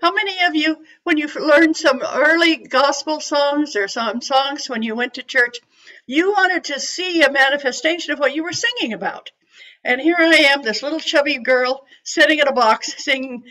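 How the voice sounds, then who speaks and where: A woman in her eighties from California, a psychic medium telling her story to an audience in a chatty, animated way. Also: high voice, moderate pace, poor audio. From California, USA. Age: 80s.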